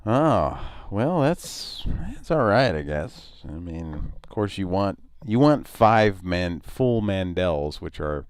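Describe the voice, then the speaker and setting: A man hosting a casual chat show, rambling and halting with frequent laughs, his voice a little nasal. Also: sits low, very animated, clean tone. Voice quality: nasal tonight. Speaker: show host. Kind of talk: casual radio-style chat.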